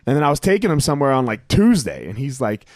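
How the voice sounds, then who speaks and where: Profane, animated man telling stories. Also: mid-range voice, quick pace, no room sound, studio quality. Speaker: podcast host. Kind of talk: casual chat.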